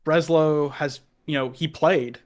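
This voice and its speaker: A man's voice: a little high, fairly even intonation, a little slow. A man co-hosting a sports podcast, talking in a loose, rambling way. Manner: rambling, full of likes and restarts. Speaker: podcast co-host. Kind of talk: casual sports chat.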